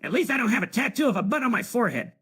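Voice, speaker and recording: In an AI-generated chat stream, a man voices a hyper, dim-witted cartoon teenage boy, giggling and blurting things out in a very raspy, shrill tone. The performance is heavily acted.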